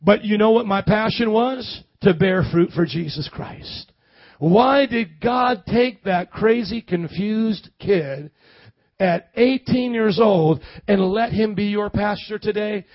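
A man from the American Midwest preaching a sermon as pastor, animated and calling on the congregation to answer back. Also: high voice, takes it slowly, no room sound, lo-fi sound. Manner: animated, calls for congregation responses.

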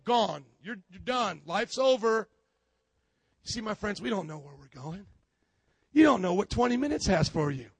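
A high-voiced male pastor preaches in an emphatic, animated way. He fires off rhetorical questions and acts out little scenes. The sound is dry and close. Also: dry recording. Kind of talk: sermon.

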